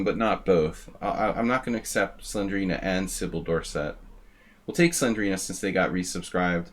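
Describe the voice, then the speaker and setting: A man's voice: on the low side, fairly bright tone. A man hosting a live chess stream, chatting casually and rambling as he thanks viewers by name.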